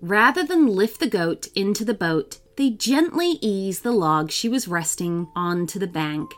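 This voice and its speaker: A woman narrating a children's storybook in a lively, expressive reading voice. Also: medium pitch, measured pace.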